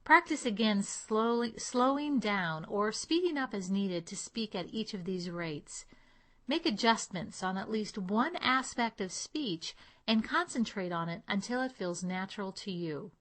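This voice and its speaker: A woman accent coach giving a clear, measured speech lesson. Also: mid-range voice, animated, fairly bright tone. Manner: clear, measured teaching delivery. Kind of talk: instructional lesson.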